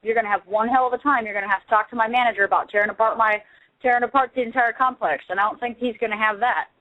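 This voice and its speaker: A woman calls in to a talk show, speaking defiantly and plainly. Her voice sits a little high and comes through a tinny phone line. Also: fairly even intonation, racing. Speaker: caller.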